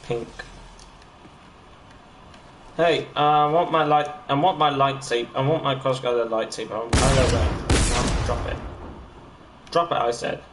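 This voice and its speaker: Man, gaming streamer, slow halting chatter, rambling, echoey room, loud background noise. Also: mid-range voice, fairly even intonation. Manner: rambling, halting, full of fillers. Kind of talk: casual gameplay commentary. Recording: roomy echo with loud ambient noise.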